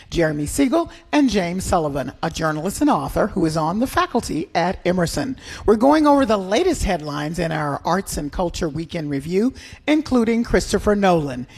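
A woman's voice: fairly low pitch, sing-song, moderate pace, darkish tone, husky. A woman hosting a radio arts and culture chat, wry with laughing asides. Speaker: radio show host.

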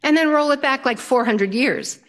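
An older woman telling a humorous personal story to an audience, lively and self-mocking. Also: high voice, normal speed.

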